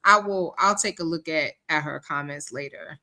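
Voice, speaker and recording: Chatty low-voiced woman livestream host. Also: normal speed, sharp tone. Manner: chatty, addresses chat as y'all. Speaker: YouTube commentary host. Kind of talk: livestream commentary.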